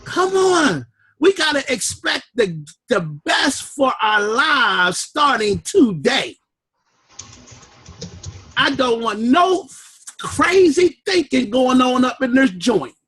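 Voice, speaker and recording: A man hosting a fired-up motivational conference call, loud and preachy. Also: very animated, slow pace, a little hiss or hum. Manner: loud, preachy, shouting with swooping pitch.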